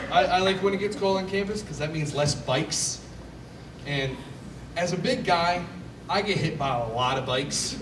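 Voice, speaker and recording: A young man from Michigan's Upper Peninsula doing a self-deprecating stand-up set, acting out quoted voices and yelping at his own punchlines. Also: fairly high pitch. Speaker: stand-up comedian. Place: comedy club stage. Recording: echoey club from a distant mic with loud audience noise.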